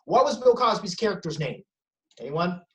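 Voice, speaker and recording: Punchy, profane stand-up comic. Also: male voice, high voice, sing-song, moderate pace, a bit bright. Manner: profane, punchy delivery with self-corrections and sudden emphasis. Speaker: stand-up comedian. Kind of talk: stand-up comedy set. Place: at home, self-isolating. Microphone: video call.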